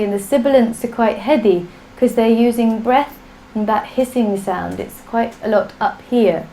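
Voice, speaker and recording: A woman's voice: on the high side, mellow, slight background noise, poor audio. A woman teaching a live online language class, drilling sounds patiently for students to repeat. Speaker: Sanskrit teacher.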